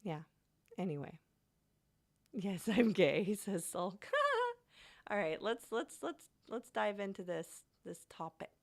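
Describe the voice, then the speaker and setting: A woman's voice: medium pitch, unhurried, gravelly. A woman streamer chatting casually, giggly and rambling, often trailing off.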